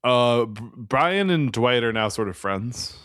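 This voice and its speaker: A man's voice: medium pitch, animated, unhurried, fairly bright tone, smooth, no echo, clean studio sound. A man co-hosting a podcast, recapping a film in casual, jokey chat full of fillers. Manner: rambling, jokey, many fillers. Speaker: podcast co-host.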